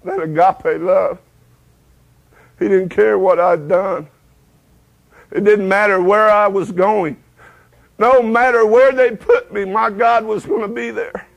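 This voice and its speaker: High-voiced man preaching testimony. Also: steady tone, slow, creaky, long pauses, low-quality recording. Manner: folksy storytelling, breaks into hymn lines. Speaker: preacher giving his testimony. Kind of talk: testimony sermon.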